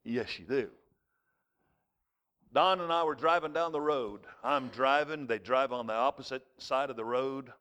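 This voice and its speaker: A man, preaching a sermon as pastor of his congregation, mixing scripture with personal stories and acted-out shouts. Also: a little slow, clear, resonant tone. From United States. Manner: storytelling preacher, jumps to high shouted voices in anecdotes.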